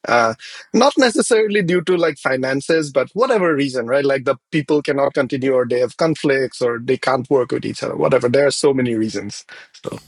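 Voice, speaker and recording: Husky-voiced man, podcast co-host. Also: mid-range voice, brisk, dry recording. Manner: agreeable, brief affirmations. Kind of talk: casual chat.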